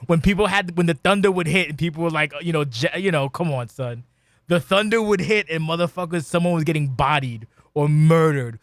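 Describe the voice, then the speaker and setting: A man's voice: fairly high pitch, fairly bright tone, dry recording, clean studio sound. A man co-hosting a podcast, ranting in mock anger with constant swearing in casual post-show chat. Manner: profane, mock-angry ranting. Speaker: podcast co-host.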